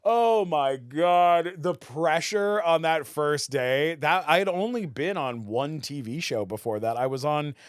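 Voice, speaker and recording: A lively man tells stories as a podcast guest, slipping into other people's voices as he goes. His voice sits a little high and sounds smooth and clear. The studio sound is close and dry, with no room echo. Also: measured pace, few pauses. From Canada. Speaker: guest, actor. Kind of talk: casual storytelling in a podcast interview.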